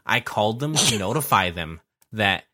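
A man from the United States co-hosting a podcast, telling a story in animated casual chat and laughing often. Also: fairly low pitch, moderate pace, noisy background. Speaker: podcast co-host.

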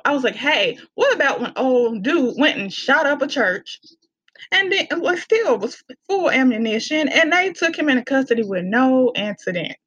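A woman tells stories in a casual podcast chat, animated and quick to laugh. Her voice sits a little high. The sound is dry and a bit dull, like a lo-fi recording. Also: no echo. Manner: animated storyteller, laughs often. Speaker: guest.

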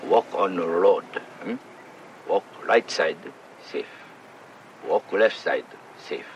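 Slow, deep man in a distant film clip. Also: dull audio, slight background noise. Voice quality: slow, broken-English delivery. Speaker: film character in a played clip.

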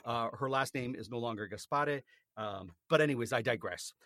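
A man's voice: mid-range voice, normal speed, pushed and bright, no room sound, studio quality. A man co-hosting a podcast, telling a story in a casual, indignant rant and swearing freely. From North America. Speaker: podcast co-host. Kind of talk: casual chat, ranting story.

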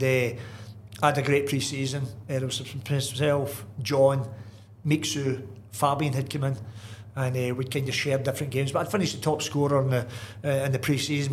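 A middle-aged man, a guest telling lively stories in casual chat, full of asides and restarts. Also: mid-range voice, slight background noise. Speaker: guest, football manager. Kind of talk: casual anecdotal storytelling.

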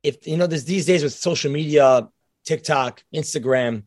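A man's voice: fairly high pitch, moderate pace, no room sound, clean studio sound. A man hosting a podcast, asking long, rambling questions full of fillers. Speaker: podcast host. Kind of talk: casual interview conversation.

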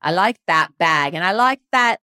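A woman's voice: lowish voice, animated, normal speed, bright, forceful tone, clear, resonant tone, dry recording, clean studio sound. A woman hosting an interview show in an upbeat, bubbly way, laughing often. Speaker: podcast host.

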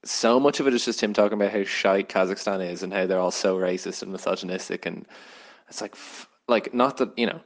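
A man with a fairly low voice reviews a film off the cuff. He rambles and hesitates and keeps restarting his sentences as he works out what he thinks. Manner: hesitant, rambling, many fillers. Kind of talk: casual spoken review.

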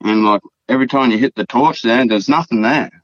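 This Northern Territory Australian man speaks at medium pitch, briskly and a bit brightly, as a guest on a podcast. His story wanders, loaded with profanity, fillers, and repeated words. The dry, dull recording has a lo-fi podcast quality.

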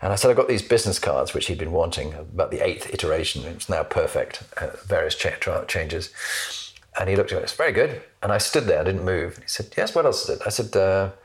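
A man's voice: low voice, brisk. A man hosting a conversation, telling an anecdote and acting out the voices of the people in it. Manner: animated, acts out voices in anecdotes. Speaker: podcast host. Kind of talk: storytelling in casual interview.

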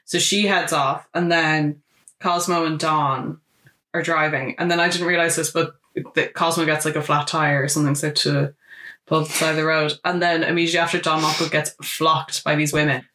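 A woman co-hosting a podcast, retelling scenes in casual, animated chat. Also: deep voice, normal speed, roomy sound. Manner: animated, acts out quotes from the film. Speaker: podcast co-host.

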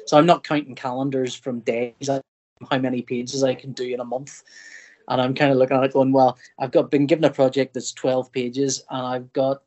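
A middle-aged man from Northern Ireland talks as a podcast guest in an easygoing, conversational way. He rambles, restarts his sentences and slips into little acted-out versions of his own thoughts. His voice sits at an ordinary middle pitch. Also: little pitch movement, fairly quick, darkish tone, lo-fi sound. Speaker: comic artist guest.

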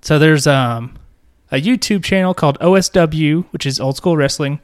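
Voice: mid-range voice, normal speed, no room sound. A podcast co-host chatting casually, with a dry, teasing sense of humor. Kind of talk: casual chat.

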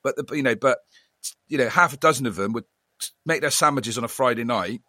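A man hosting a casual podcast chat, talking in quick bursts with many restarts. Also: mid-range voice, pushed and bright, no room sound, studio quality. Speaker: podcast host.

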